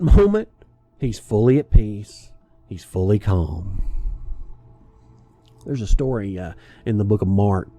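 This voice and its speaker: Casual preacher, man, mellow warm tone, chatty asides, soft music bed under him. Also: mid-range voice. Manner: conversational, chuckling, with many restarts and asides. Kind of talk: sermon.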